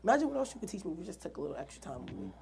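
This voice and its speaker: A woman's low, gravelly voice carries a candid interview story. She talks earnestly and plays out the remembered dialogue, over a faint bed of background noise. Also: rapid-fire. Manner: earnest, animated retelling with quoted dialogue. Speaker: guest artist.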